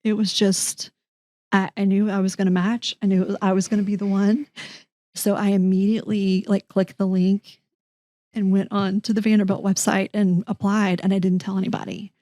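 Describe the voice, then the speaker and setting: A middle-aged woman, a guest telling a personal story in an interview, animated and voicing the people in her story. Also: mid-range voice, moderate pace, no room sound, studio quality. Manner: animated, acts out quoted dialogue, frequent restarts. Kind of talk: conversational storytelling.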